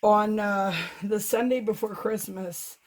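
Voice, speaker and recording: Middle-aged woman vlogging, chatty storyteller, keeps laughing, normal pitch. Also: steady tone, takes it slowly. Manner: chatty, laughs often while telling a story. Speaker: vlogger, fluid art painter. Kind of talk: casual storytelling to camera.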